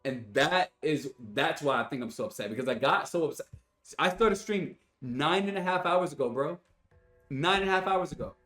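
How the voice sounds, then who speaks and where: A man's voice: fairly high pitch, lively intonation, normal speed, a bit bright. Profane young man ranting to chat. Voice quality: profane, exasperated, with heavy sighs. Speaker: gaming streamer. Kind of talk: angry rant to stream chat. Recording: roomy echo with faint music.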